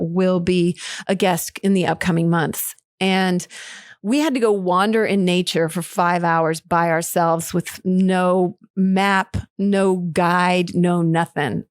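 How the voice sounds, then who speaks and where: A woman's voice: on the low side, no room sound, studio quality. A woman hosting her own podcast, telling a personal story in a candid, emotional way, swearing casually and laughing often. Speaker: podcast host.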